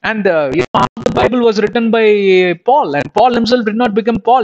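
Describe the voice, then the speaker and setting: A man's voice: sits high, normal speed, hardly any pauses. A man preaching a Bible lesson in an emphatic way, full of rhetorical questions and repetitions. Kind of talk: sermon. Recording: dull lo-fi recording.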